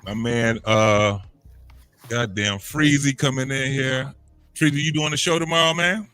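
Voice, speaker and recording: A man's voice: medium pitch, measured pace, bright, forceful tone, faint music behind. A man hosting a podcast panel, talking in loose, profane casual banter and laughing along. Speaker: podcast host.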